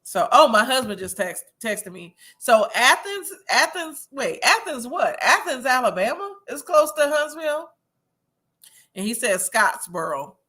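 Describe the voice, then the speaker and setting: A woman's voice: sits high, very animated, unhurried, fairly bright tone. A woman hosting a casual livestream, chatting and gossiping as she reads viewer comments, a little tipsy and laughing often. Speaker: host of a reality-TV review livestream.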